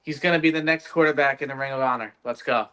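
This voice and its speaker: A man on a video call, excited and laughing about a new jersey. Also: medium pitch, fast. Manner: hyped, laughing. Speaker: caller. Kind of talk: excited casual chat.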